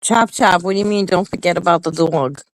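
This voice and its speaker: A woman's voice: on the low side, a little fast, no room sound, low-quality recording. Woman, livestream co-host, blunt, heated, lots of swearing, dry close sound. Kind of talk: casual chat.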